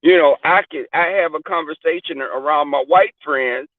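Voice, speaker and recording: High-voiced blunt man on a tinny line. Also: moderate pace, no echo. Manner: blunt, profane, animated storyteller. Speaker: podcast host. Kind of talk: candid casual chat. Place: car. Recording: dry tinny phone-like sound.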